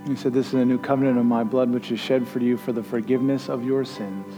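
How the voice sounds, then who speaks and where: A man's voice: medium pitch, fairly even intonation, quick pace, music in the background. A male pastor giving a conversational sermon and leading communion, rising to emphatic peaks.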